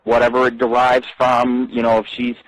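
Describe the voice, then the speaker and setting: A man hosting his own radio show from the street, talking in a profane, rambling monologue and jumping up in pitch when he gets worked up. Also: moderate pace, rough recording. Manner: profane, animated, voice jumps high when agitated. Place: outdoors on a street.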